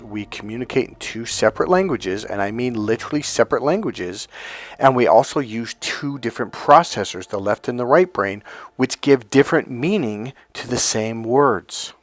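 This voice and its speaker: A man's voice: fairly low pitch, normal speed, no echo. A man giving a solo coaching monologue on relationships, talking emphatically and acting out what husbands and wives say to each other. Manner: emphatic, acts out quoted couples' lines.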